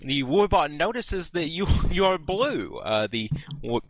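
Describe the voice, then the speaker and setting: A man's voice: on the high side, very animated, a little slow, no room sound. A man narrating as game master of a tabletop game, hesitant and full of fillers, often chuckling.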